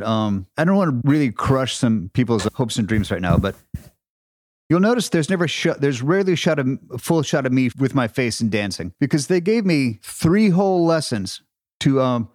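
A man's voice: mid-range voice, dry recording. Self-mocking man telling set stories. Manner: animated, self-deprecating storyteller. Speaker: podcast co-host, actor. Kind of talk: casual podcast chat.

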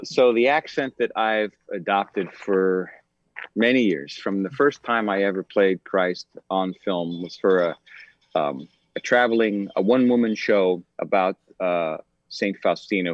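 A man's voice: low-pitched, moderate pace, no echo. A man in his forties talking as an actor and podcast guest in a casual interview, thoughtful, with many ums and restarts. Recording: dull, slightly lo-fi sound.

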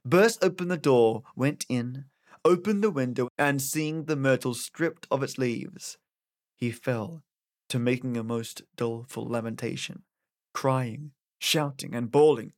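A man with an Australian accent reading an old fairy tale aloud as narrator, in an expressive, dramatic way. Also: mid-range voice, measured pace. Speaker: audiobook narrator, podcast host. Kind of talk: storybook narration.

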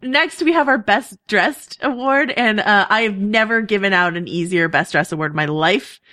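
A woman's voice: medium pitch, normal speed, sharp tone, no echo, clean studio sound. A woman co-hosting a podcast, chatty and enthusiastic, laughing often as she talks. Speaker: podcast co-host. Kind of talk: casual podcast chat.

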